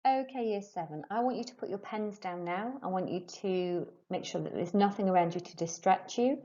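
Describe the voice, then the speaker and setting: A woman teaching a French lesson to pupils, slowly and clearly modelling phrases for them to repeat. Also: medium pitch, mellow, highs cut off. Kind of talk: recorded remote lesson.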